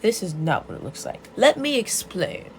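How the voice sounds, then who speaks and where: Pompous young rich man, put on by a woman retelling a comic; prim and indignant, light gravel. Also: mid-range voice, very animated, normal speed, a little mellow, slight background noise.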